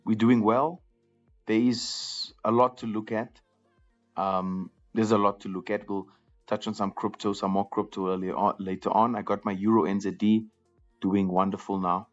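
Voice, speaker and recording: A man's voice: fairly low pitch, flat delivery, moderate pace. A man hosting a live trading room, talking casually to viewers and often repeating words as he goes. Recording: slightly dull lo-fi audio with faint music.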